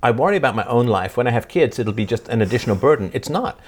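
A man's voice: mid-range voice, animated, quick pace. A man hosting a casual chat with his daughter, joking and teasing, then rambling into lecturing asides. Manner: joking, teasing, often laughing. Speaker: host, father talking with his daughter. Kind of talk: casual chat, reading out comments.

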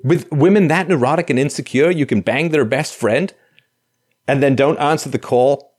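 A man's voice: on the high side, moderate pace, darkish tone, slightly rough. A man hosting a call-in show, telling a story casually, with stammering restarts and acted-out quotes.

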